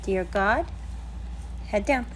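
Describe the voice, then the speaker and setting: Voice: mid-range voice, takes it slowly, a bit bright, slight background noise, rough recording. A praying pet dog, as a woman puts it on. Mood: mock-solemn. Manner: earnest mock-solemn praying. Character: pet dog saying a grace before kibble.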